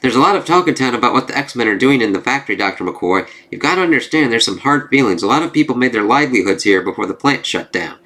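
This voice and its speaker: A man's voice: mid-range voice, lively intonation, quick pace, hardly any pauses, fairly bright tone, lightly acted. A man voicing a wary, plainspoken male police chief from a small town. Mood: guarded.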